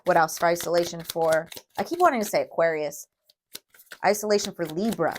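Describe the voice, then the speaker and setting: A woman giving a tarot reading to viewers, emphatic and emotional, often checking in with a quick "okay?". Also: on the low side, a little hiss or hum. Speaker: tarot reader.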